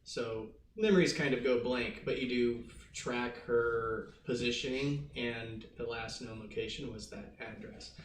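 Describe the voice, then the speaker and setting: Male game master, medium pitch, dry delivery, mic set back in an echoey room. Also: unhurried, hardly any pauses. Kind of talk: narrating a tabletop game. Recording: roomy, distant mic, faint noise.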